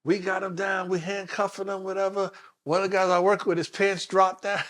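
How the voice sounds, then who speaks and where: A high-pitched man from New York spins his old police stories in a relaxed sit-down chat. He jumps into what others said, laughing as he goes, with a light, lifted voice. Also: moderate pace. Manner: animated storyteller acting out quotes with laughs. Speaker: guest, former police detective. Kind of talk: casual storytelling interview.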